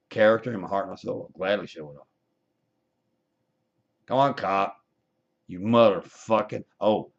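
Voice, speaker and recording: A man's voice: low-pitched, dull audio. A man delivering a profane, combative, preachy rant to his webcam. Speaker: vlogger. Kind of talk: ranting webcam monologue.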